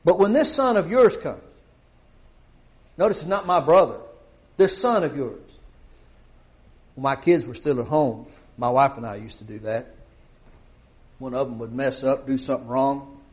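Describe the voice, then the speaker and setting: A man's voice: medium pitch, normal speed, long pauses, muffled recording. A middle-aged man preaching a sermon, often asking his congregation questions.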